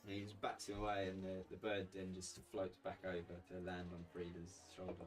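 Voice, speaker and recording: A man narrating as dungeon master in relaxed, casual tones over a video call. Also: deep voice, brisk, distant mic, faint music behind. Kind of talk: narrating a tabletop game. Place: home room on video call.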